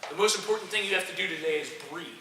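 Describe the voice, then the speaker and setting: A man coaching young soccer players, giving an energetic, direct motivational talk to a group and checking in with frequent "okay"s. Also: sits high, very fast. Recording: roomy echo, distant mic, faint noise.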